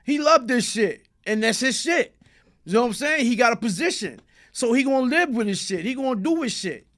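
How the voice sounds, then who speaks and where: A man's voice: very high voice, fairly quick. A man with a New York accent, a guest in an interview, telling a long story with lots of energy, acting out the other people in it and asking "you heard?" again and again. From Brooklyn, New York. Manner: animated street storytelling, acts out voices, frequent "you heard?".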